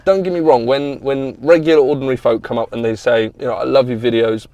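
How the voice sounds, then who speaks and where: An enthusiastic man with a middle-pitched voice tells animated stories as a podcast guest. His delivery is casual and quick to act out voices. The sound is dry and close. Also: dry recording, dull audio. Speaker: guest, automotive content creator. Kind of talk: casual podcast chat, storytelling.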